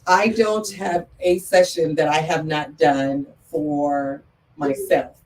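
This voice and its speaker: A woman's voice: low-pitched, steady tone, takes it slowly, recorded from a distance, poor audio. A woman guest on a livestream, a photographer and business owner, speaking earnestly and repeating key phrases for emphasis. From Metro Atlanta area. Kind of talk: interview talk.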